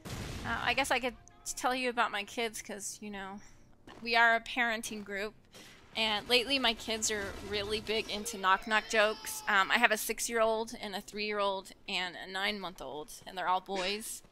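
A young woman recording casual gameplay commentary at home, soft-spoken and hesitant, filling pauses with ums and little giggles. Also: mid-range voice, steady tone, a little hiss or hum, rough recording. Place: at home with her children nearby.

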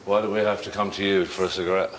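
A man's voice: deep voice, little pitch movement, very fast, a little hiss or hum. A man in a heated argument, pressing pointed questions again and again. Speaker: reality show housemate.

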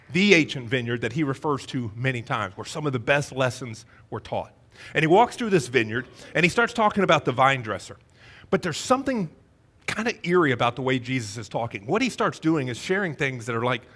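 Bright-voiced man preaching a sermon. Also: on the high side. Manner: storytelling, animated, shifts between hushed and emphatic. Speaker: pastor. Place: church sanctuary.

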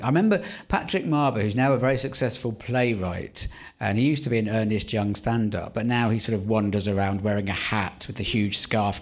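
A man in his fifties with a home counties English accent, a stand-up comedian telling wry, rambling anecdotes in a live interview, often restarting his sentences. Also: medium pitch. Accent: English, Surrey home counties. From England. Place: theatre stage before a live audience.

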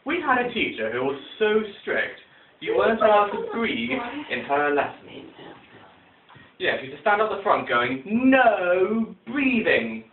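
A man performing comic poems with animated storytelling and sound effects, recorded tinny and distant in an echoey room. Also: fairly high pitch, normal speed, a little hiss or hum. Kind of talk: comic poem recitation.

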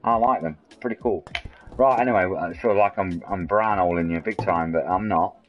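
A man's voice: low voice, normal speed, lo-fi sound. A man, chatting and rambling in a matey way to viewers of his game stream. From England. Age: 40s. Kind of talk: casual live-stream chat.

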